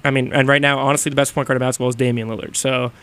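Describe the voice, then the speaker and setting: A young man hosting a college radio sports chat, animated and quick to jump in. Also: medium pitch, clean tone. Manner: animated, talks over others, quick bursts. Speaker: radio host.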